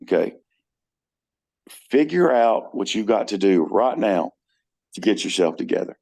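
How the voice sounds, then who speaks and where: Man, podcast guest, low gravelly voice; earnest, rambling storyteller. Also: lively intonation, unhurried, darkish tone. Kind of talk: casual chat.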